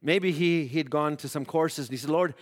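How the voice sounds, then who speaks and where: A man's voice: a little high, a little fast, big-room sound. A man preaching a sermon, reading scripture aloud and building to emphatic, rising appeals. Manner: preaching with rising emphasis, voicing quoted prayers.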